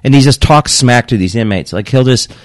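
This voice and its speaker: A young man tells a story in casual podcast chat, cursing freely and slipping into quick impressions of the people involved. His voice sits at an ordinary pitch. The sound is close and dry. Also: no room sound. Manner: profane, animated storytelling, acting out quotes. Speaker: podcast guest telling a work story.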